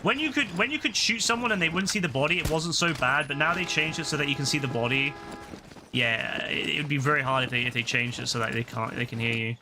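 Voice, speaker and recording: A man's voice: on the high side, fast talker, noisy background. A man giving casual commentary while playing a game, rambling, swearing and sarcastic. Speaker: gaming commentator.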